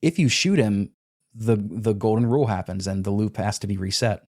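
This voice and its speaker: A man's voice: on the low side, moderate pace, darkish tone. A man on a podcast, casually retelling video game quests and acting out character lines as he goes. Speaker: podcast co-host.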